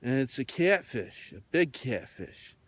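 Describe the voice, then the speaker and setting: A man on the radio tells a wandering winter tale at a leisurely pace. He often pauses on fillers as he goes. His voice sits at a middling pitch, and his storytelling rambles. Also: very animated, fairly bright tone. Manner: meandering, with many fillers. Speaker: radio host.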